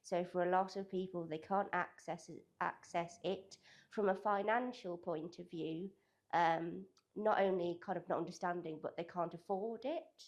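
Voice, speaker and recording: A woman's voice: lowish voice, steady tone, normal speed. A young woman working as a digital communications apprentice at a college, answering interview questions in a loose, hedging way full of "kind of" and "sort of".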